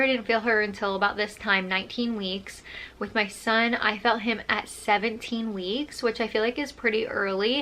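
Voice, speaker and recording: Breathy, bubbly young woman vlogging. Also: medium pitch, pushed and bright. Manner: chatty, bubbly, many fillers. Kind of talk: casual chat to camera.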